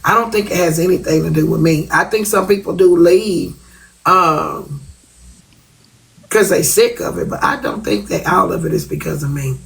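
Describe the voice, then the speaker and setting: A woman's voice: on the low side, animated, normal speed, gravelly, poor audio. A woman talking bluntly on a live stream, repeating herself for emphasis. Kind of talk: casual live-stream chat.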